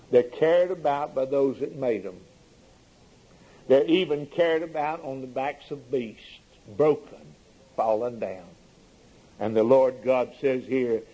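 A man's voice: medium pitch, dark tone, breathy edge, rough recording. A man preaching a sermon in an earnest way, his voice rising sharply for emphasis.

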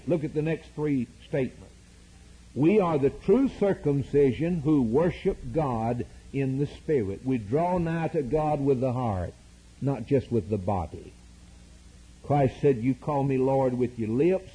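A man's voice: mid-range voice, a little slow, mellow, breathy edge, poor audio. A man preaching a sermon in an emphatic, repetitive cadence, heard as a radio broadcast.

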